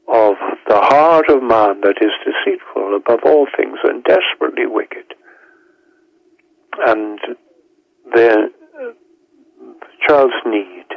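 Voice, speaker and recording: Slow-speaking man on a dull phone line. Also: fairly low pitch, husky, no echo. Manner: slow, deliberate, repeats words as he starts sentences. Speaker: radio show guest. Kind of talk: answering questions on a radio show.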